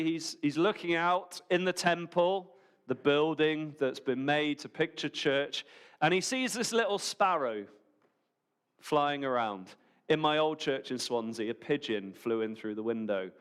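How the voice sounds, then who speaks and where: A man preaching a sermon at a church service, animated and conversational, full of rhetorical questions. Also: fairly high pitch, smooth.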